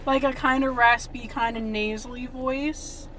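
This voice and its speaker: A woman co-hosting a casual movie review podcast, talking in a chatty, animated way full of "like". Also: a little high, a little slow, slight background noise. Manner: chatty, animated, lots of "like" fillers. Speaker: podcast co-host.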